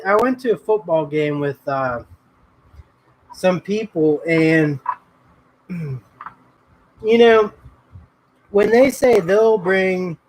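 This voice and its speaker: A man's voice: sits high, slight background noise, low-quality recording. A man hosting a casual livestream, chatting in a laid-back, rambling way and greeting viewers by name. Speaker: livestream host. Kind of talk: casual livestream chat reading comments.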